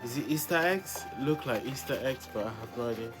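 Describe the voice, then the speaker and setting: Woman vlogger unboxing stuff, low voice, keeps gushing the same thing over and over, music under it. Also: a little fast. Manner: gushing, repeats exclamations over and over. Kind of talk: casual unboxing vlog.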